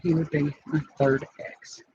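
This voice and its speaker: A woman's voice: low-pitched, level tone, a little slow, dark tone. A middle-aged woman telling a long personal story in a rambling, digressive way, full of restarts and fillers. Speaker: vlogger. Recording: dull lo-fi sound with clear background noise.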